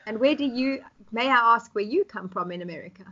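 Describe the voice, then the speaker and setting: A woman in her fifties with a South African accent, speaking as a podcast guest in a thoughtful way, pausing with ums and restarting phrases. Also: on the high side, lively intonation, bright, forceful tone, highs cut off. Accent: South African English. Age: 50s. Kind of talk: conversational interview.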